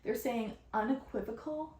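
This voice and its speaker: A woman hosting a spiritual podcast in a chatty, excitable way, laughing often and using casual slang, recorded on her phone. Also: fairly high pitch, normal speed, echoey room. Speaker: podcast host and channeler.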